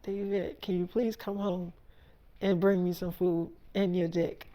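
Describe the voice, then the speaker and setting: A woman voicing a soft-spoken, clingy young wife in an improvised story. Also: medium pitch, a little fast, close to an everyday voice. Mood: pleading.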